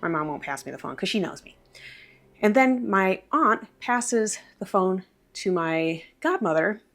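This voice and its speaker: A woman casually telling a personal story, animated, acting out the dialogue with many fillers. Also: medium pitch, measured pace, soft background music.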